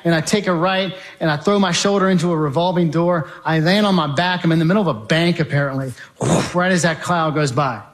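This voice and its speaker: A man's voice: on the high side, fairly quick. A man giving a testimony as dramatic storytelling, vivid and emphatic, speaking straight to his audience.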